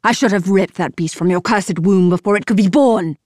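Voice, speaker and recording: A woman's voice: medium pitch, brisk, darkish tone, no room sound, studio quality, close to an everyday voice. A woman narrator voicing an aging, bitter king who speaks harshly and gives commands. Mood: raging. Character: aging, angry, bitter king, older man.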